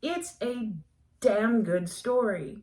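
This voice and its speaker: Chatty woman gushing over books. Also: fairly low pitch. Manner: gushing, chatty, quick to laugh. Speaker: book reviewer. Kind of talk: casual book review chat.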